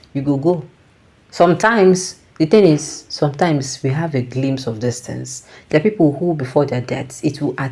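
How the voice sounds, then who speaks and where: A woman's voice: low voice, warm tone, slightly rough. A Nigerian woman giving reflective casual commentary, slipping into Pidgin and restarting her sentences.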